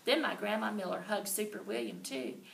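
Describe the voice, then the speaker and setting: A woman reading a children's book aloud with lively, expressive storytelling. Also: mid-range voice, normal speed, gravelly, a little hiss or hum. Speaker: reader. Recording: roomy and distant, faint ambience.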